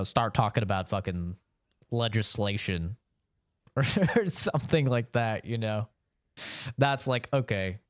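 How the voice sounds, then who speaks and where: A gaming streamer talks loosely with his chat while playing, rambling, swearing freely and answering with frequent "you know." His voice is on the low side and smooth, recorded as clean studio sound with no room sound.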